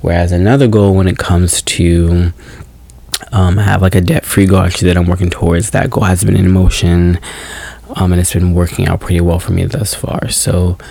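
Low-voiced young man with groggy morning voice. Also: little pitch movement, normal speed, gravelly, mellow, no room sound. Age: 20s. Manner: rambling, reflective, self-correcting. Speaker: podcast host. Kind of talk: casual solo podcast monologue.

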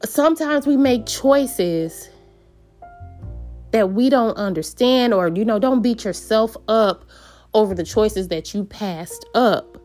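Slow-paced woman telling a personal story. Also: fairly high pitch, lively intonation, a little mellow, faint music behind. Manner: meandering, earnest, many fillers and restarts.

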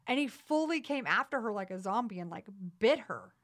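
A woman's voice: on the high side, lively intonation, fairly quick. A young woman chatting as a podcast guest, candid and blunt, swearing freely and acting out what others said. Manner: candid, swears freely, acts out quoted speech. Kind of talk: casual chat.

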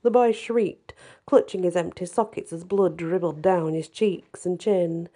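A woman narrating a dark fairy tale in a measured, somber reading. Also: fairly low pitch, breathy edge. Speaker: storyteller.

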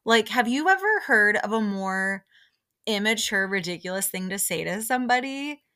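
A woman's voice: mid-range voice, moderate pace, clear, resonant tone. A young woman hosting a podcast, giving a casual, opinionated recap of a reality show and quoting people along the way. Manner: chatty and opinionated, many fillers, quotes people in lively put-on voices. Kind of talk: casual chat.

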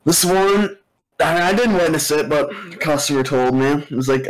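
A man's voice: mid-range voice, a little fast, poor audio. A young man, co-hosting a podcast, telling crude stories and swearing freely. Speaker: podcast co-host. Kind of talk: casual chat.

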